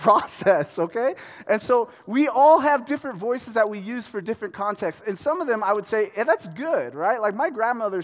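A man in his thirties, a pastor giving a casual, joking sermon that speaks straight to the crowd. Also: high voice. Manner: joking, chatty, addresses the crowd directly. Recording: long hall reverb.

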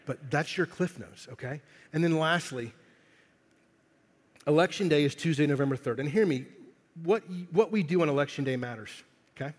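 A man preaching a sermon in a conversational, emphatic way, building to loud swells on key phrases. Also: on the high side. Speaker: pastor. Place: church hall. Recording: long hall reverb. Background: congregation in the room.

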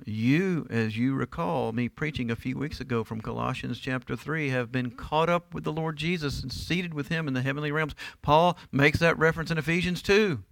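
Middle-aged male pastor, bright and slightly high voice, emphatic sermon delivery, dry sound. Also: moderate pace, gravelly, few pauses, no room sound. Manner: emphatic, asks the congregation rhetorical questions. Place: church.

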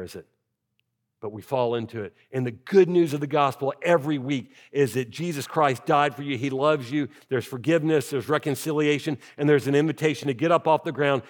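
A man, a pastor, preaching a sermon and reading scripture aloud, shifting from quiet, measured passages to rising, urgent emphasis. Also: mid-range voice.

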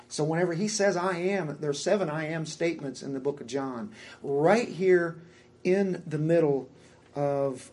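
Male preacher, husky and slightly high voice, loose conversational delivery full of fillers. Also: darkish tone. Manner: conversational, with fillers and repeated words. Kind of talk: verse-by-verse sermon.

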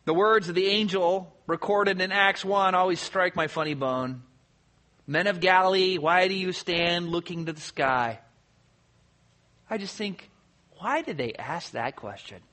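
A man's voice: high voice, measured pace, sharp tone. A man preaching a sermon to his congregation, conversational, posing rhetorical questions and answering them. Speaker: pastor.

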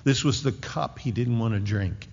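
A man preaching a sermon with a dramatic delivery, rising to loud declarations and dropping to hushed tones. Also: mid-range voice, normal speed, vocal fry, slightly rough. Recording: dull lo-fi recording in a reverberant hall.

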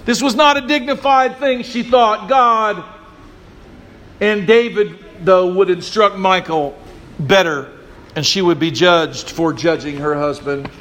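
A man with a notably high speaking voice delivers a sermon from the pulpit. He preaches emphatically and calls on the congregation to answer back. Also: fairly even intonation, a little slow, a bit bright, a little hiss or hum. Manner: call-and-response preaching, emphatic. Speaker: pastor.

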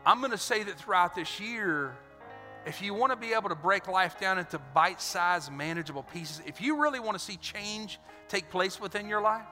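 A pastor preaching with lively energy, his voice fairly high and strikingly bright and sharp. He swings between punchy exhortation and dramatized scenes. The sound carries long reverb in a church hall with soft music beneath. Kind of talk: sermon.

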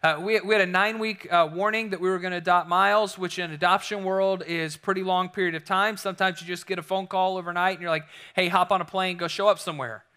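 A man's voice: high voice, fairly even intonation, fast, hardly any pauses, sharp tone, smooth. A man in his thirties preaching a sermon through a candid, self-deprecating personal story.

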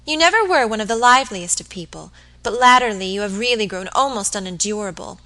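A woman gives voice to an impatient, sharp-tongued young woman in a storybook reading. Her teasing is tart and bright. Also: medium pitch, animated, fairly quick, low-quality recording.

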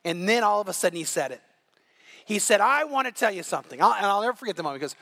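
A middle-aged man preaching a sermon as pastor, telling a story with animated, rising delivery that climbs to near shouting. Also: sits high, rapid-fire, creaky.

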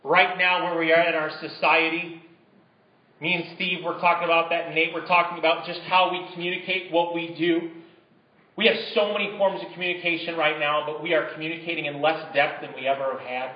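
High-voiced pastor preaching in an echoey sanctuary. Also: male voice, level tone, fairly quick, highs cut off. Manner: conversational, builds to emphatic bursts. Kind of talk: sermon. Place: church sanctuary.

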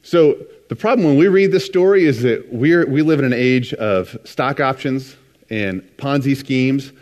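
A man's voice: mid-range voice, measured pace, a little mellow. A man preaching a conversational sermon, retelling scripture with casual asides. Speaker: pastor.

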